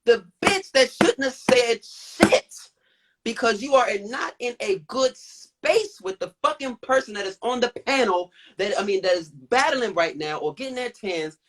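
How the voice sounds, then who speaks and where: A male host telling a story in a casual live-stream chat, animated and profane, retelling events with a lot of drama. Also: extremely high pitch, unhurried.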